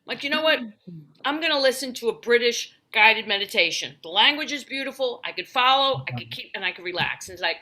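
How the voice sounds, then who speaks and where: Bright-voiced woman doing stand-up. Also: fairly high pitch, lively intonation, rough recording. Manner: self-deprecating, fast punchlines, mock-soothing meditation voices. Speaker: stand-up comic. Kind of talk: stand-up comedy set. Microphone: video call.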